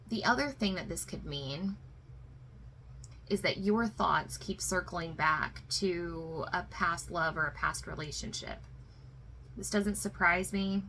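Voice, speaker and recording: A woman's voice: lowish voice, pushed and bright, a little hiss or hum, poor audio. A woman giving a spiritual tarot reading to viewers, emotional and reassuring, often fighting back tears, with many fillers. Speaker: tarot reader.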